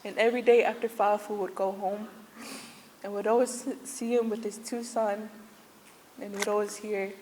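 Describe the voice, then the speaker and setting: A woman's voice: medium pitch, flat delivery, normal speed, a little mellow. A woman giving a funeral tribute to her grandfather, holding back tears while telling funny stories about him. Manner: tearful yet humorous storytelling. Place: church service. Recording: echoey hall with faint noise.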